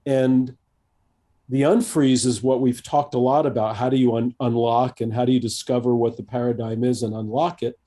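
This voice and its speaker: A man in his fifties, a coach being interviewed on a podcast, speaking thoughtfully and haltingly with many restarts and fillers. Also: mid-range voice, steady tone, warm tone. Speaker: executive coach, guest.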